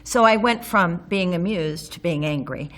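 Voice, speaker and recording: A woman with a notably low speaking voice recounts her own story for an interview. She talks candidly, with a wry, sometimes sarcastic edge. Her telling is loose and unscripted, full of ums and small restarts as she remembers. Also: moderate pace, fairly bright tone. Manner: frequent ums and self-restarts while recalling. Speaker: interviewee recalling local history.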